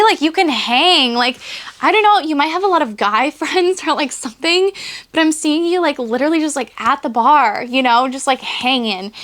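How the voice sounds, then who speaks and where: A woman's voice: high voice, a bit bright. A woman giving a casual pick-a-card tarot reading, chatty and giggly, with many fillers. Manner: chatty, giggly, heavy use of "like". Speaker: tarot reader.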